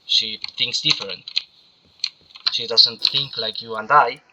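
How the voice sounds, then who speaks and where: This gaming streamer talks in a steady, mid-range voice, a little slowly, with background noise present. While playing a video game he offers wandering, opinionated remarks, frequently starting his sentences over.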